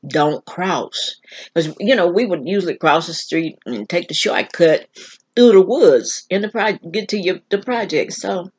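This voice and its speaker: A woman telling a personal story on her vlog in an earnest, halting way, often restarting. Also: medium pitch, slightly rough. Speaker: vlog host.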